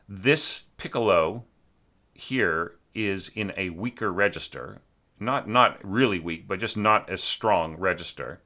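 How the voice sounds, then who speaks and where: A man's voice: low-pitched, bright, forceful tone. A man teaching orchestration, talking through a student's score in a loose, chatty way, with many fillers and snatches of sung phrases. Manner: chatty, full of fillers, sings phrases to illustrate. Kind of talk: informal spoken critique of a score.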